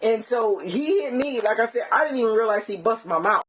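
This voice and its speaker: A woman's voice: a little high, animated, fairly quick, low-quality recording. Woman rambling through a retelling. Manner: rambling, run-on retelling with lots of repeats. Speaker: person reporting an assault to police. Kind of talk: recounting events to an officer. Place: bedroom in a home, indoors. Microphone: officer's body camera.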